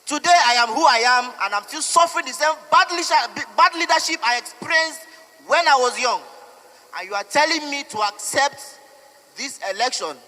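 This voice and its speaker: A man's voice: very high voice, expressive, moderate pace, bright, forceful tone. A young Nigerian man with a Nigerian accent, speaking out in an emotional, pleading and defiant street interview. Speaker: protester. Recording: echoey hall with long reverb.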